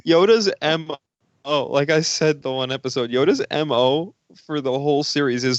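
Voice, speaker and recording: A man co-hosting a podcast, telling stories lively and profanely in casual chat. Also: on the high side, normal speed, dry recording. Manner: lively storytelling with quoted voices. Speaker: podcast co-host. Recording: dry, dull lo-fi podcast audio.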